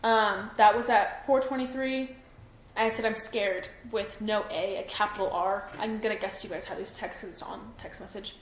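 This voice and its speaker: A young adult woman giving a halting account to an interviewer, full of "like" and restarts. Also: medium pitch, fairly even intonation. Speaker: witness being interviewed. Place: indoors at her home. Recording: echoey room with faint ambient noise.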